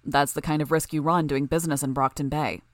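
A woman narrator voicing a calm, steady young man speaking for his team. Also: deep voice, brisk, dry recording, studio quality, close to an everyday voice. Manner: calm, even.

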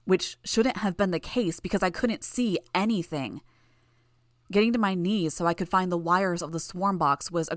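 A woman reading first-person fiction in a measured, tense way. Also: lowish voice, dry recording, studio quality. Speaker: narrator.

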